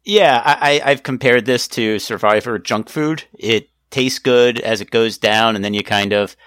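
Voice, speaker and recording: A man hosting a casual podcast, joking and laughing easily, his voice jumping up in pitch when he jokes. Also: a little slow, a bit bright, smooth, dry recording, studio quality. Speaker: podcast host.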